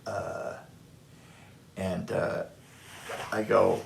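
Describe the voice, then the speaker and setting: Older guy with a gravelly voice telling set stories, keeps restarting, acts out the quotes, echoey room. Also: mid-range voice, sing-song, measured pace, pauses often, slight background noise. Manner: tells stories with restarts, acting out what people said. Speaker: production designer guest. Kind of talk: casual anecdote telling.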